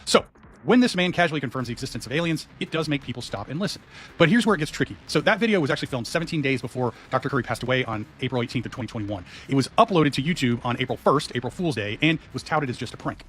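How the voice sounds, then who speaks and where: A man's voice: medium pitch, expressive, rapid-fire, fairly bright tone, slight background noise. A man giving casual commentary on a video clip, posing questions to viewers.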